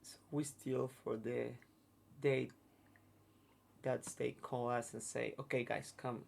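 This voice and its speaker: Interview guest: man, broken English, many restarts, middling pitch. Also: level tone, slow pace, vocal fry, darkish tone. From Mexico. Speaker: guest, circus artist. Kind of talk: casual storytelling interview.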